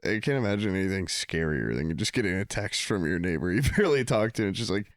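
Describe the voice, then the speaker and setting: Deep-voiced man telling stories on a podcast. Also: expressive, quick pace, dry recording, studio quality. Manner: laid-back storytelling with profanity and acted-out quotes. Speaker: podcast co-host. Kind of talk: casual chat.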